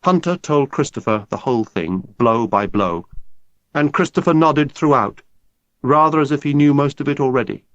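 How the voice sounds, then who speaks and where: A man narrating a novel as an audiobook in an expressive, measured storytelling manner. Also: medium pitch, no room sound, dull audio. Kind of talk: scripted narration.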